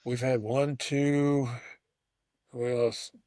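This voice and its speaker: A man's voice: medium pitch, level tone, very slow, mellow, dry recording, studio quality. A man hosting a casual conversation, telling a long rambling story with frequent restarts and stammers. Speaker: host.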